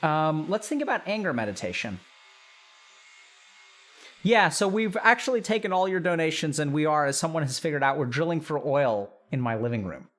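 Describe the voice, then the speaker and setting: A man's voice: on the high side, animated, moderate pace, a bit bright. A middle-aged man, a doctor, chatting casually on a live stream, thinking aloud and reading out chat with frequent restarts.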